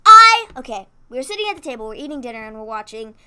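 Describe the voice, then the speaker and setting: A woman co-hosting a casual wrestling recap, telling stories in an excitable, animated way with lots of "like". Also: high-pitched, quick pace, clear, resonant tone. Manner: excitable, animated storyteller, fillers of "like". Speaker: co-host.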